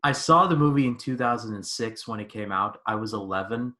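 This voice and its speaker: A man's voice: fairly low pitch, brisk. A man in his twenties hosting a podcast, chatting casually and animatedly about movies with plenty of "like". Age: 20s. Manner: animated storyteller, lots of "like". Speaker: podcast host. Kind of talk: casual movie review chat.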